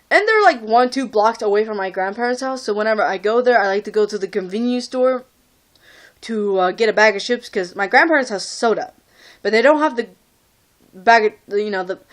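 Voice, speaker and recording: A young woman from Texas vents a story straight into her phone camera, rambling and exasperated. Her voice sits a little high for a woman, and she strings her thoughts together with plenty of "like.". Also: lively intonation, normal speed. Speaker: vlogger.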